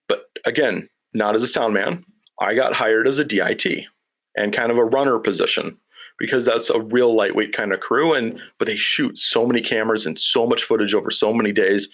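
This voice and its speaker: A man in his thirties, a production sound mixer, telling a career story in a casual interview with an animated, anecdotal manner. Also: mid-range voice. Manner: lively anecdotal storyteller, acts out dialogue.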